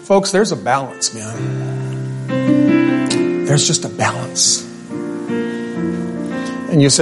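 A man's voice: medium pitch, lively intonation, slow pace, long pauses, loud music behind the voice. A male pastor giving a sermon in a conversational way, with asides and restarts.

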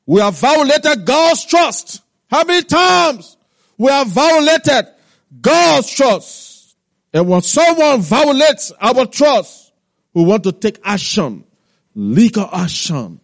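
A man preaching a sermon, retelling a parable in acted-out voices and calling out hallelujah often. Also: very high-pitched. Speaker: pastor.

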